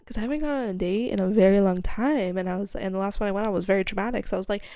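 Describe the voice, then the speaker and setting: A woman's voice: mid-range voice, fairly even intonation, fast talker, gravelly, mellow, dry recording. A young woman hosting her own podcast, rambling candidly in a casual solo monologue, full of "like" and casual swearing. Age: young adult. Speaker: podcast host.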